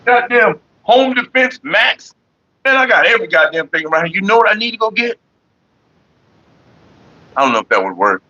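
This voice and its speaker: A man from Florida streaming casually from his computer desk, cussing and ranting loudly. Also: sits high, very animated, normal speed, long pauses. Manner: profane, cussing out bugs. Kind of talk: casual livestream rant. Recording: dull lo-fi stream audio.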